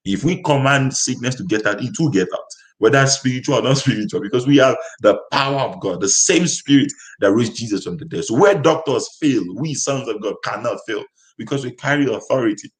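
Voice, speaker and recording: A man's voice: medium pitch, fairly quick, low-quality recording. Male preacher, emphatic and repetitive, mid-range voice. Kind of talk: sermon.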